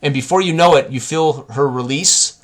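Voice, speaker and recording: A man's voice: on the high side, moderate pace. A man narrating a tabletop game as game master, describing scenes while he searches for words.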